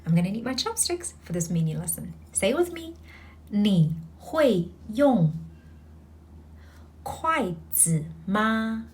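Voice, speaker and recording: A woman's voice: mid-range voice, a little hiss or hum. A woman tutoring Mandarin, patiently demonstrating each sound and coaxing the listener to repeat after her. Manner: breathy whispered demonstrations of sounds. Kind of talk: slow, patient language lesson.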